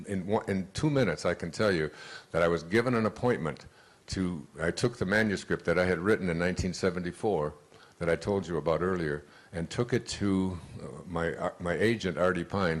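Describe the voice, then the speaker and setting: A man giving a motivational talk, telling personal stories in an animated way, acting out the voices he quotes, with many restarts. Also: low voice. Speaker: motivational speaker.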